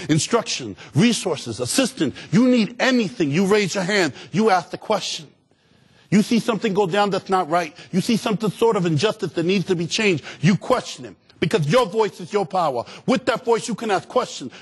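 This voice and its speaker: A man giving an energetic, humorous motivational speech to students, calling out to the crowd for answers. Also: sits high, slightly rough. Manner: animated, humorous, call-and-response with audience. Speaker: motivational speaker.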